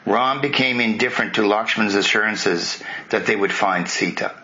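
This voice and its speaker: Male spiritual teacher, lowish voice, retelling scripture with chatty asides, slightly muffled recording with faint hiss. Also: moderate pace, pushed and bright. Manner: conversational, with asides to listeners.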